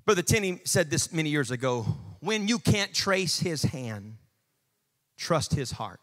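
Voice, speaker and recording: Man, pastor, high voice, lively swooping delivery, bright tone, church sermon. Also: a little slow. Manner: swings from low murmurs to shouted preaching.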